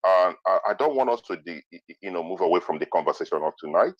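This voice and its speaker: A man moderating a heated online debate, repeatedly stepping in and pleading with the speakers to calm down. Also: deep voice, fast talker, no echo. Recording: dull lo-fi online audio.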